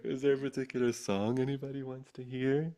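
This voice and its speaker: A man leading a spiritual gathering, telling stories in an animated way, often laughing and sometimes dropping to a soft near-whisper. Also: medium pitch, brisk. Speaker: spiritual teacher leading a satsang. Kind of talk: casual spiritual talk to a group.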